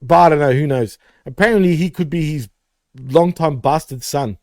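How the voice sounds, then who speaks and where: A male podcast host with a voice sitting a little high for a man, recorded close and dry with no room sound. He is easygoing and chatty, throws in "dude", and reads comments from the live chat. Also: moderate pace, darkish tone, no echo. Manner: laid-back, laughs often, says "dude", reads chat aloud.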